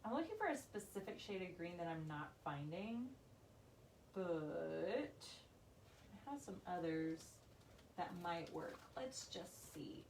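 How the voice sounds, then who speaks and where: A woman's voice: lowish voice, big pitch swings, slow, a little mellow, slight background noise. A woman hosting a casual live craft demonstration, chatty and gushing, calling her viewers y'all. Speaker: craft shop owner hosting a live video.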